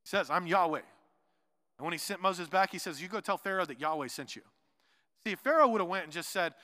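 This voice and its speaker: A man preaching with a bright, forceful voice pitched a little high. He swings between loud, emphatic lines and hushed, quiet asides, slipping in playful jokes to the people in front of him. His voice carries through a large hall with a long trailing reverb. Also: lively intonation, brisk, pauses often. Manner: joking asides to the congregation. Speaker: pastor. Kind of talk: sermon.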